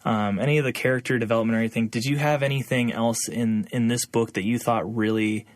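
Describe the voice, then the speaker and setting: A man's voice: medium pitch, steady tone, quick pace, dry recording. A young man co-hosting a podcast, talking casually with lots of fillers and laughing often. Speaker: podcast co-host. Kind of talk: casual chat.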